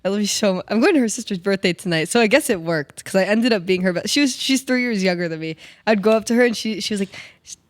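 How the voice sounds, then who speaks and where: A woman's voice: medium pitch, expressive, fast talker, no echo. A young woman co-hosting a podcast in casual chat, rambling with lots of fillers and teasing her sister. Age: young adult. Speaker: podcast co-host.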